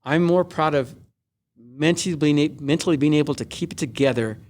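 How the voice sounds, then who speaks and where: A middle-aged man, a guest on an interview show, telling a personal story earnestly with many pauses and restarts. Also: a little high, darkish tone. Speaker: guest, Olympic speed skater. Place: large indoor skating arena.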